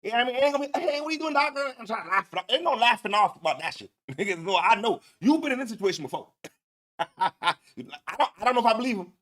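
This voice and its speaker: A man's voice: sits high, expressive, quick pace, fairly bright tone. A man hosting a talk show, reacting to a clip with laughing, profane, repetitive commentary. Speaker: show host.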